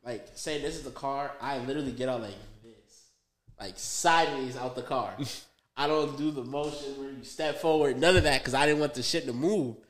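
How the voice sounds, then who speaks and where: A man's voice: mid-range voice, moderate pace. A young man on a podcast, telling a rambling story in loose, profane slang with lots of fillers and asides. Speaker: podcast co-host. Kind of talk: casual storytelling.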